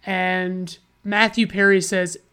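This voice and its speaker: A woman's voice: fairly low pitch, level tone, takes it slowly, a bit bright, clear, resonant tone. A woman casually reviewing a movie, sarcastic and profane, often restarting her sentences.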